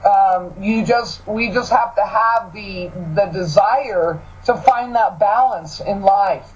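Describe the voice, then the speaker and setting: A woman's voice: mid-range voice, slow pace, a little mellow, husky, dull audio. A woman hosting a radio show, talking in an earnest, emphatic way and often repeating words for stress. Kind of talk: casual spiritual chat.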